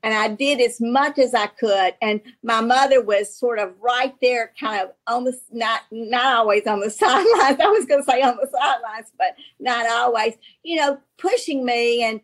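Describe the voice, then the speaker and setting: A Southern-accented woman with a somewhat high voice, talking as a guest on a video call. She tells stories in a loose, rambling way, often restarting her sentences and laughing along the way. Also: moderate pace, hardly any pauses. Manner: chatty, rambling storyteller with many restarts and laughs. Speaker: guest author. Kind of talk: casual conversation on a show.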